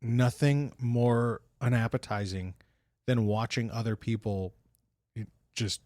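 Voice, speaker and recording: With a mid-range, steady, slightly mellow voice, the man co-hosts a podcast and steers the conversation, hesitating with lots of fillers and false starts. The sound is studio quality, with no room sound at all.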